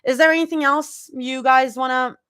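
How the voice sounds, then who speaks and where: A woman voicing a bubbly, teasing young woman friend in a fanfic reading, pitched up and playful. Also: steady tone, normal speed, a bit bright, no echo, studio quality.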